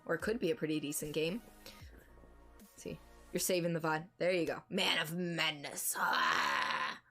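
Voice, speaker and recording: A woman streamer chatting casually with her viewers and commenting on gameplay clips, swearing freely and laughing at herself. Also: fairly low pitch.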